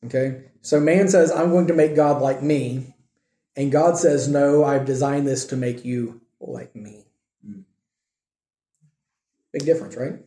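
A man's voice: medium pitch, measured pace, long pauses, mellow. A man preaching a sermon in a conversational teaching style, often checking in with his listeners. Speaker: pastor. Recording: echoey room.

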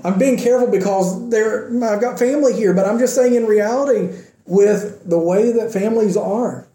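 Man, sermon, earnest conversational preaching, very dark mellow tone, echoey church. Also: sits high, moderate pace.

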